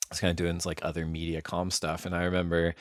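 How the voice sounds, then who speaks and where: A man's voice: sits low, monotone, fast, dry recording, studio quality. A man co-hosting a podcast, telling stories in a loose, rambling way full of fillers and "like". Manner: rambling, filler-heavy, frequent "like". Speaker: podcast co-host. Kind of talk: casual storytelling chat.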